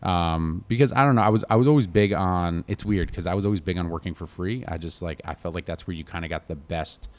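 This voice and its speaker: A middle-aged American man from Connecticut, a chef telling stories in a relaxed interview, rambling and full of fillers like "like" and "you know". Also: low voice, fast, hardly any pauses. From Connecticut, USA. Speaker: chef, guest. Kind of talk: casual storytelling interview.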